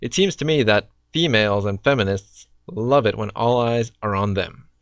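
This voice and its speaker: A man's voice: on the low side, moderate pace, no room sound. A man doing reaction commentary in a sarcastic, exasperated way. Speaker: response video commentator.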